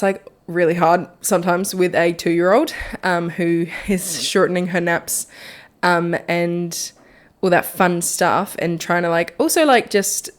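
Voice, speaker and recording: A young woman hosting a solo faith podcast, talking in a rambling, chatty way and laughing at herself. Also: lowish voice. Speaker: podcast host. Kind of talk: casual solo podcast reflection.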